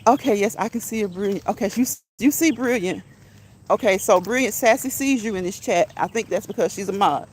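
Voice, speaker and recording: Speaking briskly in a mid-range voice, a woman hosts a laid-back live stream as she walks outdoors through her neighborhood. She chats with her audience, laughs frequently, and reads comments aloud, with a little background noise in the mix.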